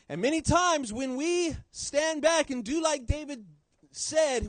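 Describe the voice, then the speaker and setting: A man preaching a sermon in church, swinging between loud emphasis and quiet low drops. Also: big pitch swings, measured pace, no room sound, poor audio.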